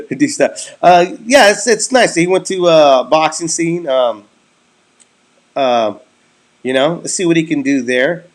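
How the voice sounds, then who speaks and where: A man's voice: on the high side, lively intonation, slow pace, pauses often. A young man co-hosting a casual boxing podcast, rambling with fillers and a dry mouth. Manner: rambling, many fillers and restarts. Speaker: podcast co-host. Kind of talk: casual boxing commentary over beers.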